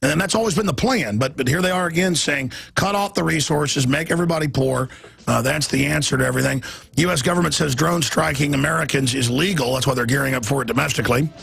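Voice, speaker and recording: A middle-aged man hosting a political talk radio show, hoarse with a gravelly, raspy voice, ranting emphatically in rapid-fire bursts. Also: medium pitch, a bit bright.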